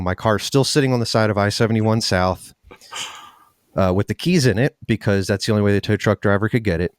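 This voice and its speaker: A man's voice: fairly low pitch, no echo, studio quality. A man hosting an interview show, asking questions and telling a chatty story in a casual way. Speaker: podcast host.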